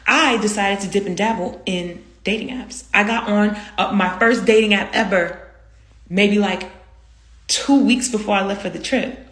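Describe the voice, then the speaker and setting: A woman telling a comedic story time, animated and dramatic, with frequent asides to the audience. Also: medium pitch, moderate pace. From US East Coast.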